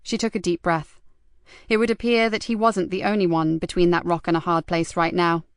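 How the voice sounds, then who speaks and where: A woman reading an audiobook as the narrator, in a measured, even storytelling manner. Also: on the low side, smooth, dry recording, studio quality. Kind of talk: scripted narration.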